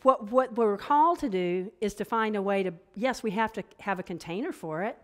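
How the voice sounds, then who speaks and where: A woman minister giving a sermon in a loose, chatty way. She breaks off into playful asides and laughs at her own jokes, and her voice sits at an ordinary middle pitch. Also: animated, fairly quick.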